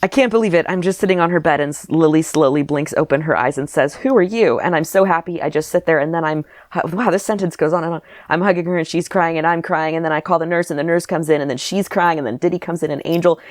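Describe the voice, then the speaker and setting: A man's voice: a little high, quick pace, few pauses, dry recording. Wry man reading his childhood writing. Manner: wry, breaks into laughs. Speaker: podcast co-host.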